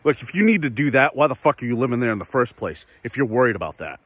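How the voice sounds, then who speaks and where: Profane rambling man with a husky voice. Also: medium pitch, very animated, quick pace, a bit bright. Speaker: vlogger. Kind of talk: casual rant to camera.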